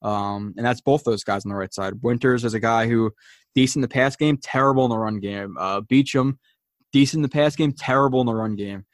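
A man's voice: mid-range voice, brisk, no echo, clean studio sound. A man hosting a show, casually breaking down football game film, thinking aloud with many fillers and restarts. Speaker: host.

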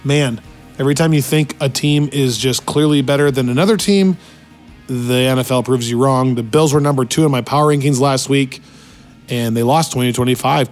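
A man hosting a weekly football podcast, his voice worn out and hoarse, talking in an energetic, opinionated way. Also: mid-range voice. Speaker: podcast host. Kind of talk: casual sports talk. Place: hotel room in Las Vegas.

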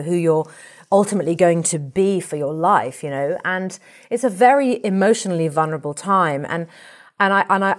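A woman from England, speaking as an actor in an interview in a lively, colourful, animated way. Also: on the low side. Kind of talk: reflective conversational interview.

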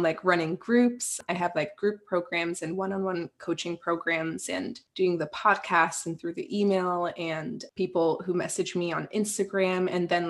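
A young woman who coaches on dating and runs a podcast, talking candidly and reflectively as a guest, with lots of "like". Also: on the low side. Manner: chatty, heavy use of "like", candid and reflective. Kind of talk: casual interview conversation.

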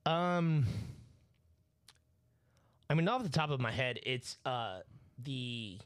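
A man's voice: medium pitch, expressive, slow, clean tone, no echo, studio quality. Profane man telling stories. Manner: profane, laughing storyteller. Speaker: podcast co-host. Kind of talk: casual chat.

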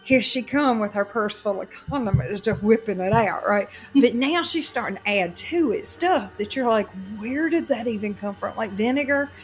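A woman with a Southern US accent telling a long, animated story in casual chat as a podcast co-host, full of fillers and frequent laughter. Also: fairly high pitch, normal speed, few pauses, soft background music.

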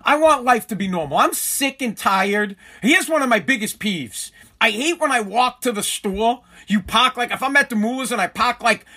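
A middle-aged man runs a loose, comic solo monologue into a studio mic at home. He rambles, swears freely and pokes fun at himself. His voice sits fairly high and carries a bright, ringing edge. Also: expressive, moderate pace, few pauses, husky. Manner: rambling, profane, self-mocking. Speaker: radio show host. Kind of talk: casual comedic monologue.

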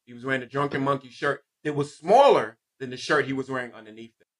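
A man hosting a podcast, joking around in casual chat and saying "yo" a lot. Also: medium pitch. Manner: quick, joking, uses "yo" a lot. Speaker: podcast host.

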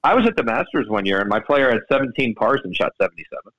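A man in the middle of a relaxed golf radio chat, spinning stories with a voice that climbs and dips all over the place. His pitch sits at an ordinary middle height, and he sounds close on a studio mic. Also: quick pace, lo-fi sound. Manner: animated storyteller, lively swings in pitch. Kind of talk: casual sports radio chat.

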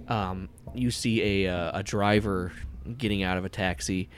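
A man's voice: low-pitched, fairly even intonation, unhurried, a little hiss or hum. A man narrating a tabletop game as game master, rambling with many fillers. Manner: rambling, full of fillers, laughs often.

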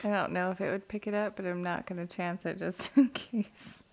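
A woman's voice: lowish voice, steady tone, normal speed. A woman in casual chat, telling stories frankly and swearing freely.

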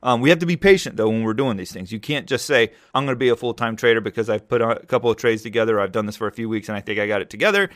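A man's voice: fairly low pitch, rapid-fire, hardly any pauses, a bit bright. A man in his forties, a podcast host talking casually and rambling, often repeating words as he thinks. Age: 40s. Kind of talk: casual chat.

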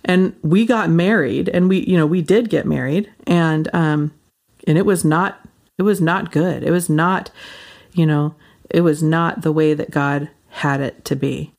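A woman's voice: low-pitched, unhurried, gravelly, a little mellow. Chatty woman hosting a faith podcast. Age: 40s. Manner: rambling, filler-heavy, laughs often. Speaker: podcast host. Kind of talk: casual faith podcast chat.

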